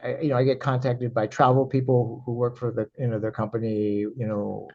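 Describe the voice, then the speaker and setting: A man who teaches karate, telling a story in an interview and acting out his own quoted lines in a higher, animated voice. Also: fairly quick. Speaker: actor and karate teacher, podcast guest. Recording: slightly dull, lo-fi audio.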